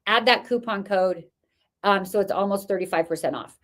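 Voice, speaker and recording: A woman's voice: medium pitch, moderate pace, a bit bright. A woman hosting a live product sale stream, chatty and enthusiastic, and losing her voice. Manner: chatty, enthusiastic sales talk with fillers. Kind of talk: product demo livestream.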